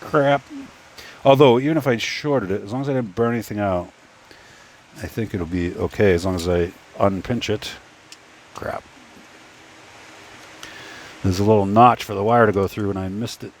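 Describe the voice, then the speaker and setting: A man's voice: on the low side, steady tone, normal speed, pauses often, slight background noise. A man casually telling a story while tinkering with a 3D printer, rambling and stop-start, talking to himself as he works. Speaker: 3D printing YouTuber. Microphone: phone.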